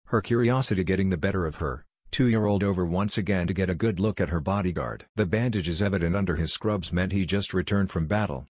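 Deep husky male story narrator. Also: fast, few pauses, dry recording, clean studio sound. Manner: even, storytelling. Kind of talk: scripted narration of a fan-fiction story.

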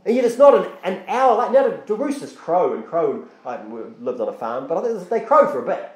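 A man's voice: on the high side, sing-song, a little fast, few pauses, echoey room. A male pastor, preaching a sermon in a conversational way, with frequent restarts and acted-out quotes. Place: church.

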